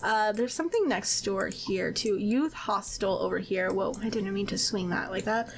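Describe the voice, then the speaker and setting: Gushing, excitable woman. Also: medium pitch, normal speed, background noise. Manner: gushing, excitable, frequent gasps and exclamations. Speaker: Sims gameplay YouTuber. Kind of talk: casual gameplay commentary.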